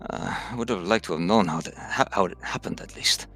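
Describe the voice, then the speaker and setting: A man's voice: sits low, a little fast, creaky, sharp tone, heavily acted. A man voicing a sheepish, eager young male soldier who asks hopeful, wistful questions. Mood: deflated.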